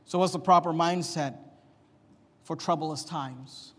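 A man preaching a sermon as pastor, emphatic, swinging from quiet to loud. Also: fairly high pitch, measured pace. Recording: long hall reverb.

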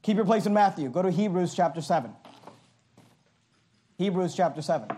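High-voiced man preaching forcefully. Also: animated. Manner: passionate, forceful preaching with sarcastic asides; reads scripture slowly and emphatically. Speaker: pastor. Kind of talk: sermon.

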